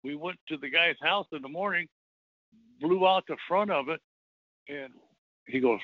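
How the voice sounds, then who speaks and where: A man's voice: a little high, moderate pace, pauses often, no room sound. A man, a special effects coordinator, telling an amused anecdote in an interview. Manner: amused storyteller. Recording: dry, tinny phone-like line.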